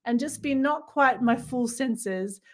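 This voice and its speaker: A woman's voice: fairly high pitch, slow pace. A woman co-hosting a podcast in casual spiritual chat, reflective and rambling, with many fillers and restarts. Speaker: podcast co-host.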